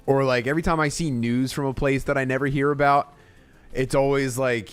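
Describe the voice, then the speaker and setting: A man's voice: mid-range voice, normal speed, soft background music. A young man chatting casually on a livestream, rambling and swearing, reading chat and laughing often. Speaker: streamer.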